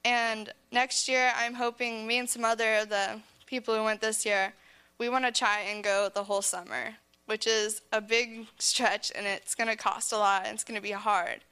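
Speaking at a normal speed in a level, pushed, bright voice that's clear, resonant, and on the high side, a teenage girl tells a church audience about her time at camp. Her earnest testimony is peppered with "like" and bits of laughter between phrases.

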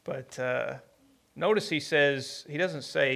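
A man preaching a conversational sermon, plainspoken and unhurried, with many pauses and restarts. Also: on the high side, creaky, a bit bright.

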